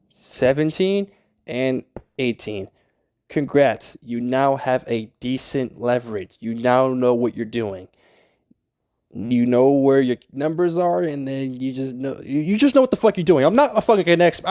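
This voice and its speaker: This Minecraft tutorial narration comes from a young man whose mid-range voice has a darkish tone, captured in clean studio sound without echo. He rambles casually through the game, swearing often and easily annoyed.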